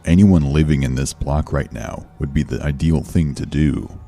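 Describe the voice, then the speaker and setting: Very deep gravelly male narrator. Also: moderate pace, warm tone, soft background music. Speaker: story narrator. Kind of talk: scripted horror narration.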